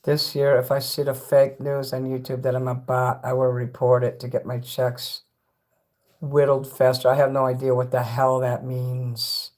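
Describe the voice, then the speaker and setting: Speaking at normal speed in a monotone, slightly mellow mid-range voice, a man chats loosely with livestream viewers, rambling, using profanity and talking directly to chat, recorded on a phone.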